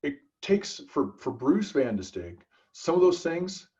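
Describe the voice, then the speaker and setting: Animated, emphatic man telling stories. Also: fairly high pitch, unhurried, dull audio. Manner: emphatic, preachy, frequent "dude" and "right?". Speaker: podcast guest, business consultant. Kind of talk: animated conversational storytelling.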